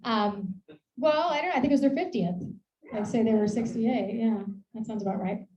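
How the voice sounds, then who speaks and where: A woman from Maine, her voice on the high side with a darkish tone, speaks at a moderate pace during a casual presentation with slides about her research. She rambles and chats, laughing at herself, and the audio is echoey, dull, and lo-fi.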